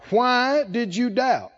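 Preacher guy with a real high voice, keeps asking the congregation questions and chuckling, dull lo-fi recording. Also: fairly bright tone. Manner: asks the congregation questions and chuckles between points. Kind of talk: conversational sermon.

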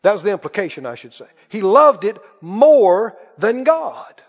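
A preacher with a very high voice, telling the story dramatically and stopping often to ask rhetorical questions. His voice carries a long reverb in a church sanctuary, and the recording sounds dull and muffled. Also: sing-song, a little slow, breathy edge. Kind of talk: sermon.

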